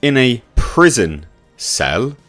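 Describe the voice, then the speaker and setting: A man's voice: mid-range voice, sing-song, slow, a bit bright, soft background music. A young man giving a sarcastic, exasperated film review, swearing freely. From England. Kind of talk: ranting movie review.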